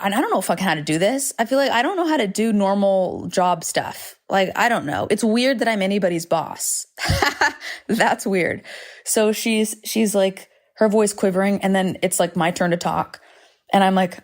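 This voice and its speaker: A woman's voice: mid-range voice, animated, normal speed. A woman in her thirties hosting a solo podcast, talking frankly and rambling with self-deprecating asides and swearing. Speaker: podcast host. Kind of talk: candid solo podcast monologue. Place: home recording space with planes overhead.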